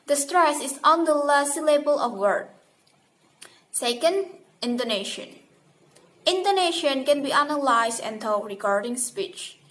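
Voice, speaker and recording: A woman's voice: fairly high pitch, poor audio. Woman reading a phonetics explanation. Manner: reads from a script, even and careful. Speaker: student presenter. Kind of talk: scripted lesson explanation.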